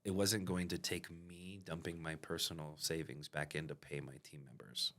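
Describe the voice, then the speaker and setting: A man's voice: extremely low pitch, flat delivery, moderate pace, pushed and bright. A man who owns a roofing business, talking casually and reflectively on a business podcast. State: has the hiccups. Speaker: business owner and podcast host.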